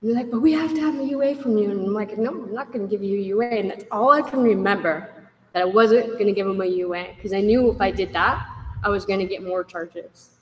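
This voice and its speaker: A woman's voice: medium pitch, fairly quick, a little hiss or hum. A woman giving a candid personal testimony to a group, wry at her own past and acting out the voices of others as she tells it. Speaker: speaker sharing a recovery story. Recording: echoey hall.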